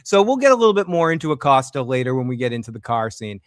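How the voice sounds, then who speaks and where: A man's voice: mid-range voice, fast talker, smooth, no echo, studio quality. A man hosting a casual recap show, acting out characters' lines as he retells scenes. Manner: animated, acts out characters' lines while recapping. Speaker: podcast host.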